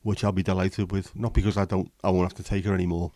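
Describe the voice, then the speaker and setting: Deep, flat-voiced man chatting. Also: fast talker, no echo. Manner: rambling, jokey, chatting to viewers. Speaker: livestream host. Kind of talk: casual livestream chat.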